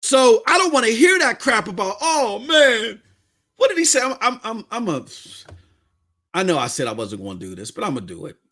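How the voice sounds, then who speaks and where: The podcast host's voice sits high and sounds sing-song, brisk, bright, and forceful, carrying a Southern US accent. He's ranting with blunt, fiery, slangy commentary.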